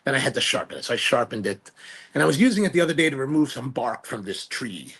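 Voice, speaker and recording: Gravelly, husky-voiced man chatting casually. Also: mid-range voice, big pitch swings, quick pace, a bit bright. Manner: rambling and self-deprecating, with trailing restarts. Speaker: livestream host. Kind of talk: casual chat, reading viewer comments aloud.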